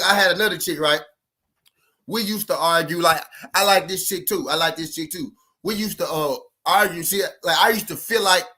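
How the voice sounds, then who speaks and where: Slightly high, pushed and bright, the voice belongs to a vlogger dispensing relationship advice. He tells his viewers a relationship story casually, in street talk that is profane, repetitive and forcefully emphatic.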